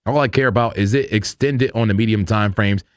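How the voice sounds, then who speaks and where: He's a chatty crypto livestream host whose lowish voice moves fairly quickly, recorded at studio quality with no echo. His casual live market commentary is loose and slangy, with frequent laughter.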